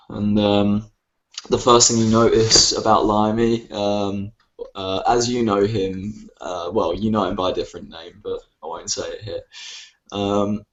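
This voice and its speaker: A man runs a tabletop role-playing game, describing scenes slowly with pauses and fillers. His voice is on the low side. The audio is dull and muffled, as over an online voice chat. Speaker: game master. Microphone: voice call.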